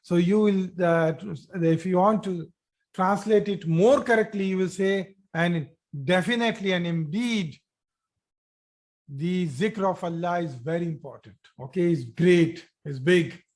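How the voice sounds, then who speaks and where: A man with a high voice teaches an online grammar class. He explains at an unhurried pace, repeats key points and keeps checking in with "okay?" as he goes. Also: darkish tone. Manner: slow, repetitive explaining with frequent "okay?" checks.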